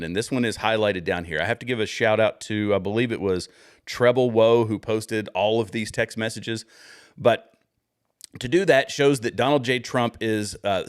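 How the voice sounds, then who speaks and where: A man with a lowish voice talks through a casual livestream, rambling and restarting as he hunts for clips. The sound is close and dry, with no room around it. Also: no echo. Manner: rambling, thinks aloud with many fillers and restarts. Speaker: livestream political commentator. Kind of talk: casual livestream commentary while browsing posts.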